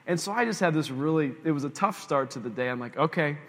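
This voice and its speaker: Pastor, male, fairly high voice, chatty storytelling sermon with quick asides to the room, recorded in a hall with a long echo tail. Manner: animated, self-mocking anecdote with direct asides to the congregation.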